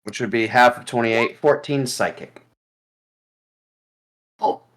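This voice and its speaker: A man's voice: medium pitch, normal speed, a bit bright, faint music behind. A man playing a tabletop game, hesitant with many fillers and playful. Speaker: player. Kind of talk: casual tabletop game play.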